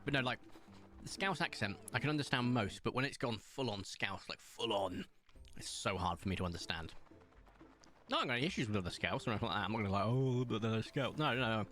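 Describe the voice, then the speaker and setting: A man's voice: fairly low pitch, expressive, fast talker, pushed and bright, faint music behind. A man from England, chatting casually with his live-stream chat while gaming and laughing often. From southern England.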